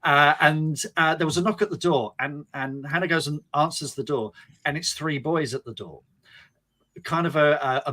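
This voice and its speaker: Bright-voiced man telling a story. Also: medium pitch. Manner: rambling, animated storytelling with many restarts. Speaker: podcast host and writer. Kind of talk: livestream podcast chat.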